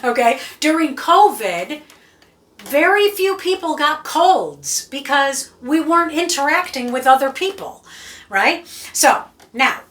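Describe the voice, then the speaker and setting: A woman's voice: high-pitched, lively intonation, takes it slowly, a bit bright, roomy sound, distant mic. A woman vocal coach giving an emphatic teaching talk to camera, checking in with her listeners all the time. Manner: emphatic, keeps checking in with "right?" and "okay?".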